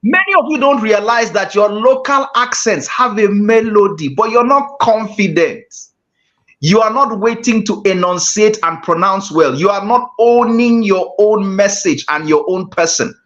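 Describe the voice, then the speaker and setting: A man's voice: high voice, moderate pace, fairly bright tone. A man, a guest mentor giving a motivational class talk with emphatic, repeated phrases. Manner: emphatic, preacher-like repetition. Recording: dull lo-fi call audio.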